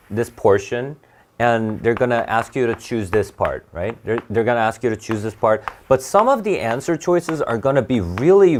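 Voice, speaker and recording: A man teaching an SAT class live, talking in a halting, conversational way with frequent restarts and fillers. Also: mid-range voice, a little hiss or hum. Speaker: SAT tutor.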